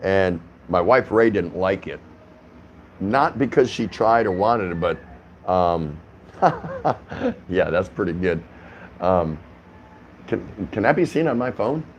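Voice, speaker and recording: Male vlog host, lowish voice, rambling conversational delivery, home recording with a faint background hum. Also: animated, a little slow, pauses often. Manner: rambling, chatty, frequent restarts and fillers. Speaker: vlogger host. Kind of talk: casual talking-head vlog. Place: apartment indoors.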